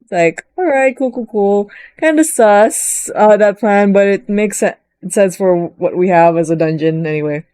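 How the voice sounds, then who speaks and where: A woman chatting casually as she recaps a story, rambling with many fillers and jumping into a higher voice to quote characters. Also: moderate pace, dark tone, clean tone. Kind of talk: casual chat.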